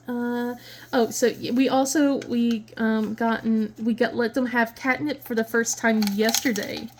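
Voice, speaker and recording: Brief: chatty crafting vlogger woman, rambling, frequent laughs, slightly high voice. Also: a little hiss or hum. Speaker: crafting channel host. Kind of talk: casual chat.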